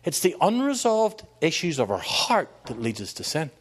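Middle-aged man preaching; animated and conversational, voice rising and falling a lot. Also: fairly high pitch, normal speed, breathy edge. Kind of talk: sermon.

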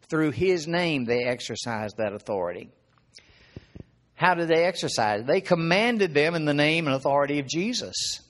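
A middle-aged man giving an informal sermon, speaking conversationally, asking rhetorical questions and clearing his throat often. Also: a little high. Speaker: preacher.

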